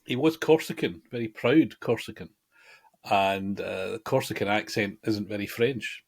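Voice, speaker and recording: A man's voice: fairly low pitch, normal speed, gravelly. A man co-hosting a podcast, making wry, digressive asides. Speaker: podcast co-host. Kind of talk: casual chat.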